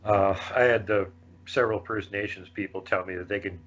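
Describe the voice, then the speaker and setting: A male podcast host with a low voice that has a bright, forceful edge. He chats casually and relaxed, chuckling often. The audio is dull and lo-fi. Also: fairly quick. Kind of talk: casual chat.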